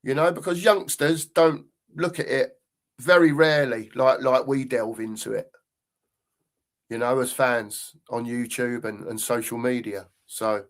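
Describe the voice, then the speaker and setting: An older man, chatting casually as host of a live fan stream, rambling and repeating himself as he reads out viewer comments. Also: mid-range voice.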